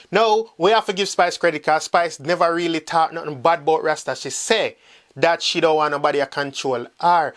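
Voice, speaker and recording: A Jamaican man runs through entertainment news in a loose, chatty way, slipping between patois and English. His voice sits a little high for a man, and he keeps turning to speak straight to his audience. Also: a bit bright. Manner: chatty, addresses viewers directly, mixes patois and English. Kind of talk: casual gossip commentary.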